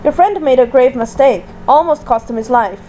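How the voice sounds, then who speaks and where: A dignified queen speaks seriously and in measured phrases, as a woman reads her. Her voice is high and clear in this storybook. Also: big pitch swings, a little mellow, slight background noise, rough recording. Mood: grave.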